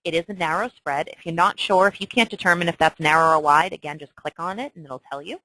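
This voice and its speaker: A woman's voice: lowish voice, fast, pushed and bright, poor audio. A woman teaching stock chart reading in a chatty, emphatic way, often checking in with "okay?". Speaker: trading instructor. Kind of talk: screen-share trading tutorial.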